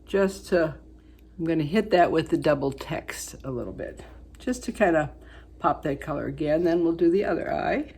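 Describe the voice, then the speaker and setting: A woman in her seventies chatting casually through a makeup tutorial, rambling into family stories and then going soft when she works on her eyes. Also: low voice, normal speed, slightly rough. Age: 70s. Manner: chatty storyteller, rambling with fillers, dropping to soft asides while applying makeup. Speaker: beauty vlogger.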